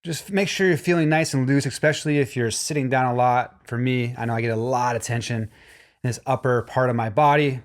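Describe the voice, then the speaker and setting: A man's voice: medium pitch, a little fast. Encouraging male vocal coach. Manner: encouraging, demonstrates hums and sung lines. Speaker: vocal production instructor. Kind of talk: instructional course narration.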